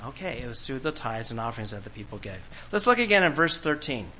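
A male pastor delivers a sermon to his congregation, his voice bright and forward. He keeps it conversational, dropping into little acted-out quotes as he explains. Faint church ambience sits behind him. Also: medium pitch, very animated, quick pace, a little hiss or hum, rough recording.

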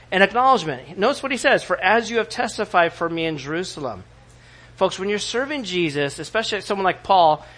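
A middle-aged male pastor preaching a sermon, animated and often acting out quoted voices. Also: high voice.

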